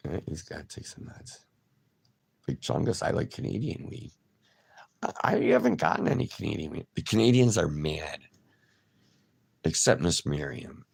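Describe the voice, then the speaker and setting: A man with a deep, heavily gravelly voice talks slowly with his viewers on a livestream. His pitch swings widely as he reacts to their comments and calls them by name. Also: wildly swooping pitch, darkish tone. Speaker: livestream host. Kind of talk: casual livestream chat.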